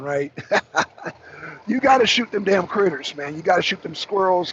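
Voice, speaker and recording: A hoarse man from the Southern US hosting a casual livestream, chatty, calling viewers y'all and clearing his throat often. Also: high voice, a bit bright, a little hiss or hum. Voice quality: raspy, gravelly. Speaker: talk show host. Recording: dull lo-fi stream audio.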